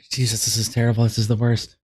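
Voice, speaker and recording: Speaking at a medium pitch, this man has a slightly mellow, husky voice. He's live-streaming and chatting casually, but he sounds worn out and struggles to get words out, sighing heavily and swearing in exasperation.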